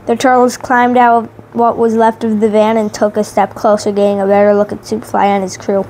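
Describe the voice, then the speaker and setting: A woman's voice: medium pitch, monotone, fairly quick, darkish tone, a little hiss or hum. A woman reading a children's novelization aloud carefully, sometimes restarting words. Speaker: reader.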